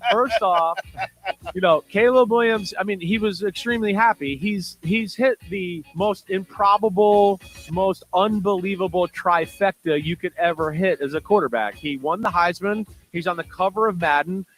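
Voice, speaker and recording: A man on sports radio, excitable and ranting with restarts. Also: sits high, normal speed, poor audio. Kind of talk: casual sports radio banter.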